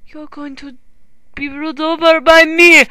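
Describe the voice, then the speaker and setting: A woman's voice: high-pitched, flat delivery, unhurried, pushed and bright, no room sound. A woman voicing a pompous scheming villain, a talking ruler toy, in a put-on French accent for a homemade puppet show. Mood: haughty. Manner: stiff, haughty, declaring.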